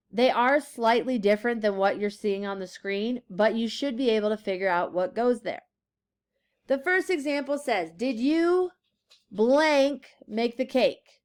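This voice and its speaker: A female teacher with a fairly high-pitched voice delivers a classroom grammar lesson. She slows down to emphasize key words and reads example sentences out loud.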